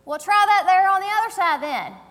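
A woman's voice: very high-pitched, lively intonation, a little fast, a bit bright, voice pushed up. A woman voicing a folksy, easygoing male Jesus with a drawling country twang. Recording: long hall reverb, faint hum.

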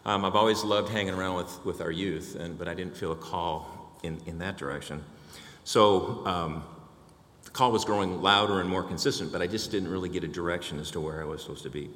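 A man's voice: deep voice, fairly even intonation, a little fast, fairly bright tone, echoey room, big-room sound. An older man giving a personal testimony to a church congregation, telling his story and acting out the dialogue.

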